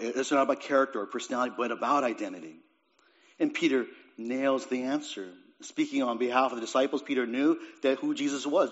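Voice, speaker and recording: A man at mid pitch preaches a sermon, pressing hard on some lines and letting others fall almost to a hush. He restarts and repeats words as he thinks aloud, and the recording sounds dull and lo-fi. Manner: swings between raised emphatic lines and quiet, dropped phrases.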